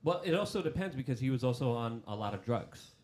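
A man in mid-pitch range co-hosting a political talk podcast, arguing his case with emphasis. He stacks repeated phrases as he drives his point home. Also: very animated, quick pace, darkish tone. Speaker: podcast co-host. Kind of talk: political discussion.

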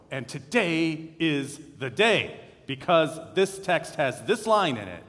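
A male pastor telling a self-deprecating personal story in a lively sermon. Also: a little high. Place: church sanctuary. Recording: long hall reverb.

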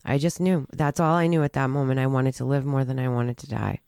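Woman, earnest and halting, smooth resonant voice, dry close sound. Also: extremely low pitch, fairly even intonation, darkish tone, no room sound. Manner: halting, many restarts and fillers, earnest. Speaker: guest telling her recovery story. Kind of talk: personal storytelling in conversation.

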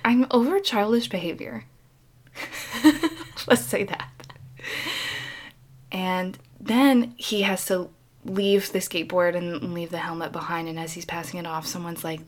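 Woman podcast host chatting, animated retelling, does quick little voices for the kids. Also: fairly low pitch. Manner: animated retelling, acting out the kids' lines in quick bits. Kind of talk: casual podcast recap.

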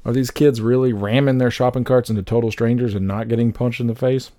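A man in his thirties on a casual podcast, animated and swearing freely, laughing often. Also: mid-range voice, quick pace, no echo. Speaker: podcast co-host.

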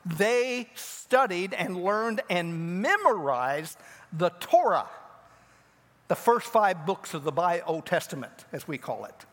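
A man preaching a sermon as pastor, telling a Bible story and acting out the speakers with big swings in pitch. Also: a bit bright. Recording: long hall reverb.

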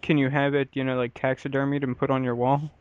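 A man's voice: mid-range voice, level tone, fast talker, no echo, highs cut off. A man co-hosting a casual podcast, laughing often and swearing casually. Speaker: podcast co-host.

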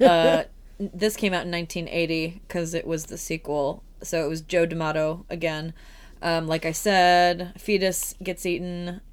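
A woman's voice: lowish voice, steady tone, unhurried, smooth. A woman co-hosting a casual podcast chat, rambling and giggly with lots of fillers. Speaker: podcast co-host. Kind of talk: casual chat about horror films.

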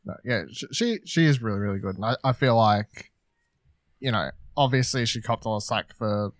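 A man co-hosting a casual film podcast, animated, tripping over his words and swearing freely. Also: fairly low pitch, a little fast, no echo. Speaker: podcast co-host.

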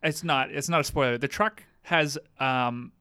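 A man's voice: mid-range voice, a little slow, bright, forceful tone, clean tone, no echo, studio quality. A man, co-hosting a podcast in an easygoing, joking chat. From Canada. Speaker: podcast co-host. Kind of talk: casual chat.

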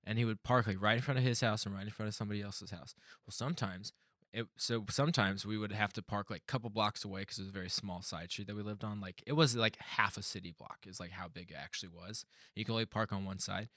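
A man with a bright, forward voice chatting casually on a podcast. He swears freely and laughs his way through long stories. The sound is close and dry. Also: fairly low pitch, fairly even intonation, quick pace, no echo.

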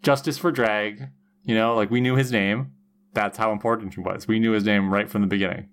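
A man's voice: lowish voice, brisk, clear, resonant tone. Man animatedly recapping an episode. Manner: animated retelling, acting out character lines. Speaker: podcast co-host. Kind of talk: casual recap chat.

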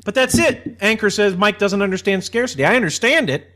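A man with a slightly raised voice, co-hosting a loose podcast chat. He rambles and grumbles with animated swings and freely drops swear words. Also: sits high, a little fast. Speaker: podcast co-host. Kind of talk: casual chat.

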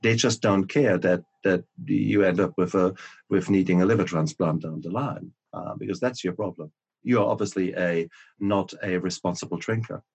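A man's voice: deep voice, moderate pace, gravelly, darkish tone, husky. A man who is an author and guest on a podcast, talking emphatically with frequent restarts. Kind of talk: podcast conversation.

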